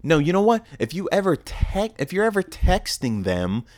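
A man's voice: sits high, big pitch swings, normal speed, darkish tone, pitched above the performer's own voice. A young man imitating his pushy, boastful friend who keeps offering to get him a date. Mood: cocky. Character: cocky young male friend playing wingman.

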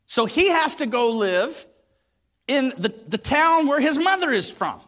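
A man preaching a sermon in a high voice that swings widely up and down. He tells the story with animated acted-out voices and drives each point home through repetition. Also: measured pace. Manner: emphatic, repeats words for weight. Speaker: pastor.

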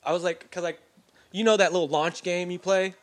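A man's voice: sits high, fairly even intonation, a little fast. A young man co-hosting a podcast, telling rambling stories in casual chat, with lots of fillers and swearing. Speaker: podcast co-host.

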